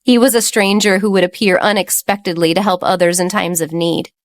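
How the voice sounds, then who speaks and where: A woman narrating an audiobook romance in steady scripted narration. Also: fairly low pitch, fairly quick, no echo, studio quality.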